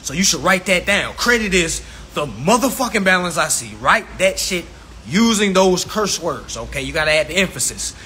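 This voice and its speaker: Loud-mouthed cursing credit teacher, a man. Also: high-pitched, big pitch swings, moderate pace, a little hiss or hum. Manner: profane, emphatic, preachy; repeats phrases for emphasis. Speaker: self-styled credit instructor. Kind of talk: informal lecture to viewers.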